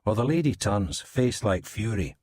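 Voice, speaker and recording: A man's voice: fairly low pitch, animated, normal speed, darkish tone, slightly rough, no echo, studio quality. A man doing a wry gossipy detective. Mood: amused. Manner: anecdotal, amused.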